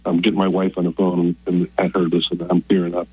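An older man from Maryland, calling in to a radio show and telling a story in an earnest, emotional, halting way. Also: low-pitched, completely flat delivery, warm tone, husky, no room sound. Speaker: caller. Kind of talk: phoned-in call to a radio show. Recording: dull lo-fi phone line.

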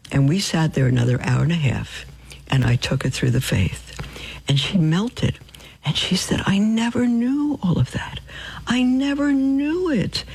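Animated gravelly older woman storyteller. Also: sits low, low-quality recording. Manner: animated, whispers for emphasis. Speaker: Catholic radio host. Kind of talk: storytelling appeal on radio.

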